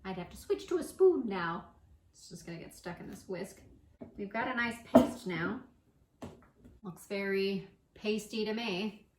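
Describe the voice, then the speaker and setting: A young woman hosts her own baking show from her home kitchen, explaining each step casually and joking at her own expense. Her voice rings in an echoey room. Construction noise carries in clearly from outside. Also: mid-range voice, lively intonation, unhurried, long pauses. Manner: playful, self-mocking, jokey asides. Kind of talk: casual cooking tutorial.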